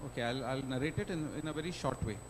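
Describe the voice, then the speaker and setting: A middle-aged man with an Indian English accent giving an emotional personal testimony as a guest speaker, with dramatic swings in loudness. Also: mid-range voice, racing, noisy background. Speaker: guest speaker at a student induction.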